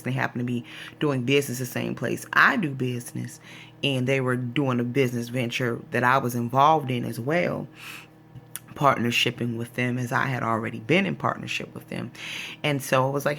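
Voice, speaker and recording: Exasperated woman with a gravelly voice. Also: extremely low pitch, fairly even intonation, moderate pace, a bit bright, slight background noise. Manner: exasperated, retells conversations in quoted voices. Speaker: vlogger. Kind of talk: casual storytelling rant.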